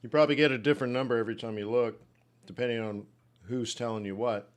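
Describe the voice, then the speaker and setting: A man's voice: medium pitch, fairly even intonation, fast. A man hosting a live trading webinar, loosely musing on jobs data and answering viewers' questions in a joking way. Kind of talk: live market commentary to chat.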